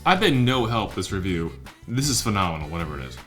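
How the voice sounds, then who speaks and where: Very deep-voiced wry man co-hosting. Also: big pitch swings, fast talker, fairly bright tone, faint music behind. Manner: wry, teasing, swears freely. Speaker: whiskey channel co-host. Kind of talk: casual whiskey tasting chat.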